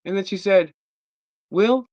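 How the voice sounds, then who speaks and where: Casting: male co-host with a high voice and emphatic delivery, dry, muffled sound. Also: moderate pace, dry recording. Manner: animated, emphatic, builds arguments. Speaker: podcast co-host. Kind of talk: casual coaching chat.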